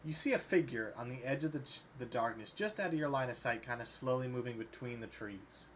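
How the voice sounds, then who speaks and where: A man's voice: medium pitch, brisk, background noise. A man narrating a tabletop game as game master, in an easygoing way.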